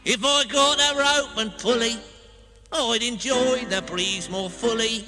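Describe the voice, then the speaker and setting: A man's voice: extremely high pitch, slow. A man voicing a cheeky male fox puppet who sings music-hall songs and tells jokes with bursts of laughter, on a comic record. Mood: jolly singing. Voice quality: chuckling, music-hall sing-song. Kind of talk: comic song and patter record. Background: brass band music.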